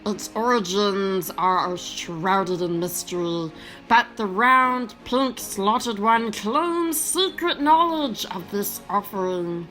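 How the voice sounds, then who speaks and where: A woman reading out the lines of a small alien figure from a mobile game, in a slow, grave and ceremonial way. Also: mid-range voice, bright, forceful tone, faint music behind, poor audio. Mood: solemn. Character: small solemn alien, speaks like a prophet. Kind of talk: reading game dialogue aloud.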